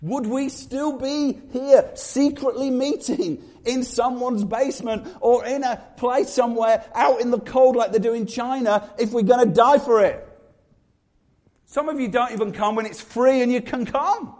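A man preaching a sermon, retelling scenes in lively acted-out voices. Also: extremely high pitch, measured pace. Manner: animated storytelling, acts out quoted voices.

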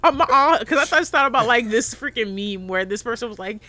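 A man chatting casually as a podcast co-host, animated and emphatic, with a slangy, ranting manner. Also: extremely high pitch, brisk, very noisy. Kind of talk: casual chat.

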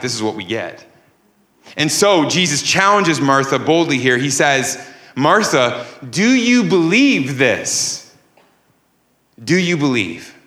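Emphatic preacher in an echoey church. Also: male voice, medium pitch, pushed and bright. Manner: emphatic, rising and falling preaching cadence. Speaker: pastor. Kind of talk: sermon. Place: church sanctuary.

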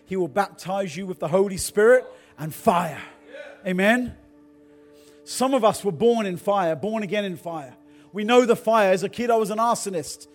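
A middle-aged male pastor preaching a sermon, telling personal stories and building to fervent calls to repent. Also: sits high. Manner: storytelling, then builds to fervent exhortation.

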